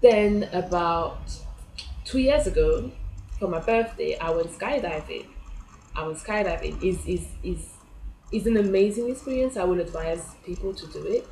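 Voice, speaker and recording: A chatty young woman tells a personal story and acts out her reactions in quoted asides. Her voice sits a little low. The room around her is echoey. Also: lively intonation, moderate pace, gravelly, darkish tone. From France. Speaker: vlogger.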